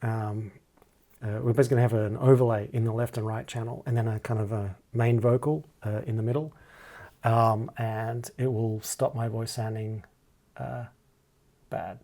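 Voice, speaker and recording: A man explaining his editing steps in a casual tutorial, hesitant and full of ums and restarts, often trailing off quietly. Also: medium pitch, fairly even intonation, normal speed. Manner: hesitant, many ums and restarts, self-deprecating. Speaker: music producer teaching a DAW. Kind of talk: casual screen-recorded tutorial.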